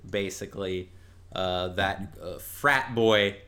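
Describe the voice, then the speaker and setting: A man in casual podcast chat, musing in a relaxed, slightly hesitant way. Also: low voice, slow.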